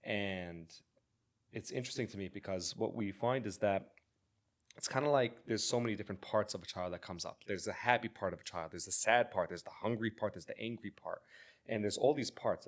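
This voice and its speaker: A man's voice: lowish voice, quick pace. A man hosting a podcast, talking earnestly in a casual interview, often restarting and repeating words. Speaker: podcast host.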